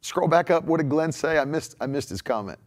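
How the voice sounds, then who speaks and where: A man's voice: a little high, lively intonation, brisk. A male preacher giving a livestreamed sermon, emphatic, drawing out key words and laughing between points. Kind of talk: livestream sermon reading comments.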